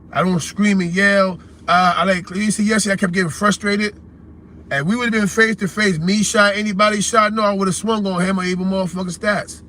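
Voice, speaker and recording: A man's voice: high-pitched, bright, forceful tone, slight background noise. A man with a New York accent hosting a call-in livestream, talking bluntly and confrontationally in street slang. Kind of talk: heated casual livestream rant.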